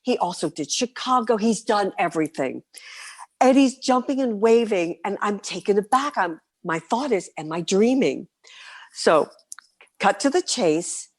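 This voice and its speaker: A middle-aged woman from New City, a guest performer telling her stories in an interview, lively and vivid, sometimes dropping to a whisper. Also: mid-range voice, unhurried. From New York City. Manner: animated, vivid storyteller, breaks into soft whispers. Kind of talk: storytelling interview.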